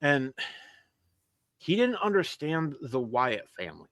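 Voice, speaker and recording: A man's voice: fairly high pitch, sing-song, slow pace, a bit bright, no room sound. A man with a New York accent, a guest on a podcast, sharing blunt, profane opinions. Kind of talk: casual podcast chat.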